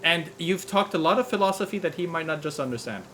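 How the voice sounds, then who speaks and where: A man narrating and running a tabletop game as game master, in a slow, relaxed, descriptive manner. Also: fairly high pitch, slight background noise.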